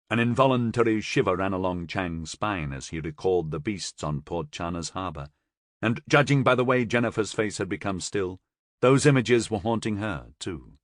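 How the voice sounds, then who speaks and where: A man reading an audiobook as narrator in an expressive storytelling manner. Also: on the low side, normal speed, no echo, studio quality. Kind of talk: scripted narration.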